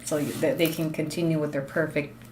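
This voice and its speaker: A woman's voice: sits low, little pitch movement, fairly quick, music in the background. Blunt, profane woman ranting live. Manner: blunt and profane, talks straight to chat; slips into Spanish phrases. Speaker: livestream host and law student. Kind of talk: unscripted live-stream rant.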